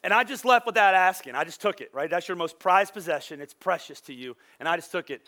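A pastor delivers his sermon in an animated, chatty way, full of playful asides to the congregation. His voice sits high for a man and has a bright, forceful edge. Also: fast talker.

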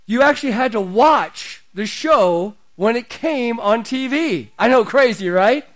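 A middle-aged man preaching a sermon in a conversational way, his voice climbing higher and louder as he builds up. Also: expressive, a little slow. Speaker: pastor.

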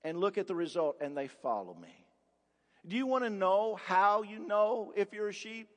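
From the pulpit of a church sanctuary, a pastor with a high, light voice delivers a sermon at normal speed. He drives his points home with rhetorical questions and hammering repetition, and a long reverb from the large hall lingers on his words.

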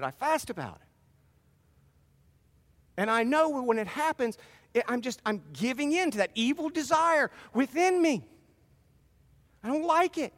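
A middle-aged man preaching a sermon, earnest and animated, with self-deprecating asides. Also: extremely high pitch. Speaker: pastor. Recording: long hall reverb.

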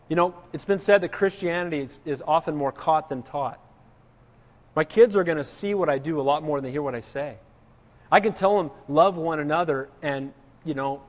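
A pastor with a high voice delivers a sermon, reading scripture aloud before explaining it. He speaks earnestly and directly to the congregation, and a long reverb makes him sound as if he's in a large hall.

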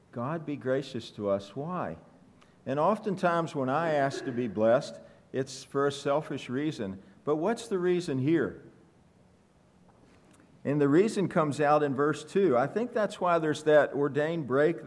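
A pastor giving a conversational teaching sermon to his congregation in church, reading scripture slowly and putting questions to the room with a self-deprecating humor. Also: a little high, a little mellow.

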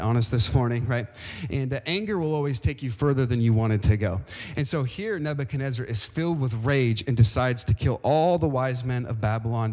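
A pastor preaching a sermon, emphatic and calling out to the congregation. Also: male voice, mid-range voice, a little mellow. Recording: long reverb of a large hall.

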